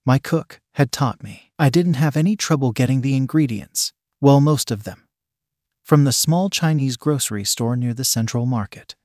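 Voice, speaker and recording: A man reading a first-person story aloud in a measured, even storytelling manner. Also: medium pitch, no room sound, clean studio sound. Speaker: audiobook reader.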